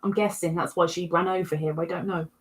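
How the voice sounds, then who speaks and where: A woman's voice: on the low side, fairly even intonation, fast. A woman hosting a livestream, chatting casually and reading out viewer comments in a rambling way. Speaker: livestream host.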